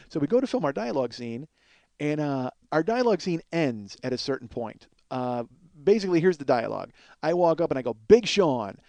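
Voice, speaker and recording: A man hosts a podcast and tells a profane comic story, jumping into the voices of the people he quotes. His voice sits a little high for a man. The sound is dry and close, with no room around it. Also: no room sound. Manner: profane, animated, acts out quoted dialogue. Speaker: podcast host.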